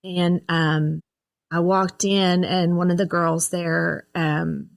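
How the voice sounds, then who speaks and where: A woman talking as a podcast guest, telling her recovery story in an earnest, reflective, halting way and acting out her own past words. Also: fairly low pitch, flat delivery, vocal fry. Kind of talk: personal recovery story in conversation.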